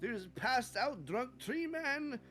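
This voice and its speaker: A man voicing an excitable male creature who speaks boastful broken English and drops his articles. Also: very high-pitched, slow pace, very noisy, pitched above the performer's own voice, heavily acted.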